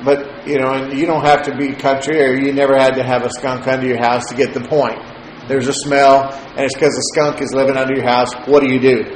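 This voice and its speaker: A man telling a personal story in a sermon, chatty and halting, chuckling often. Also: mid-range voice, level tone. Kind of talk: sermon testimony. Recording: roomy echo, faint noise.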